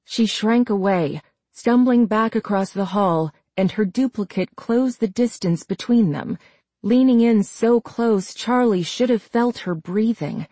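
A woman narrating a horror novel as an audiobook, reading in a slow, measured way. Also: mid-range voice, mellow, dry recording. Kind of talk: scripted narration.

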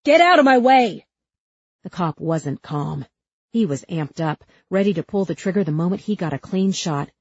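A woman reading an audiobook aloud in measured, tense scripted narration. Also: deep voice, mellow, slightly rough, no room sound, dull audio.

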